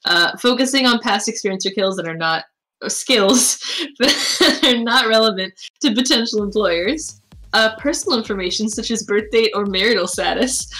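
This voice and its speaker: A woman's voice: mid-range voice, moderate pace, pushed and bright, poor audio. A woman co-hosting a casual stream chat, teasing and laughing often.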